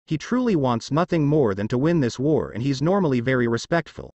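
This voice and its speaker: A man's voice: medium pitch, sing-song, brisk, darkish tone, no echo, lo-fi sound. A man voicing an earnest, scheming male soldier strategist in a fan story reading. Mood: pleading.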